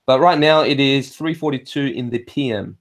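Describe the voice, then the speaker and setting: An Australian man hosting a laid-back livestream, his voice sitting at an ordinary middle pitch. He drifts from thought to thought, swears freely and often breaks off to restart a sentence. He reads viewer comments and answers them in an easy, conversational way. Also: normal speed. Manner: rambling and swearing, with frequent restarts. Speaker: livestream host. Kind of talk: casual livestream chat.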